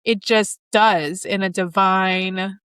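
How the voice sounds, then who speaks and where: A woman's voice: mid-range voice, steady tone, takes it slowly, a bit bright, clear, resonant tone, no room sound. Enthusiastic woman astrologer, dry sound. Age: 30s. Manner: enthusiastic, flowing, spiritual wording. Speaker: astrologer and podcast host. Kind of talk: casual spiritual conversation.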